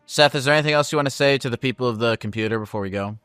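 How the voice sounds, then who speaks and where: A man's voice: medium pitch, rapid-fire, a bit bright, clean tone, no echo, soft background music. A man hosting a call-in advice show, talking casually with many restarts and plenty of swearing.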